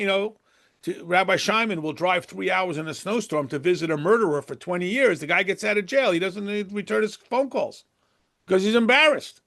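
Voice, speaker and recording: A man teaches a Torah class in a high, gravelly voice. He talks to the room conversationally and asks rhetorical questions. He acts out the quotes he cites. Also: a little fast, a bit bright.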